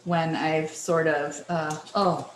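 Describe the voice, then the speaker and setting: A woman's voice: low-pitched, level tone, slow, echoey room, slight background noise, rough recording. Chatty Canadian woman cooking in a kitchen. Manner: chatty and self-deprecating, apologizes often. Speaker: cooking show host. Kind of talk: casual cooking demonstration. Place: home kitchen.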